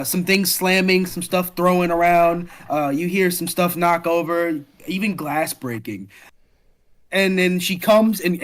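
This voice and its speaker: A man's voice: high-pitched, a bit bright. A man narrating as game master of a tabletop role-playing game, casual and given to swearing.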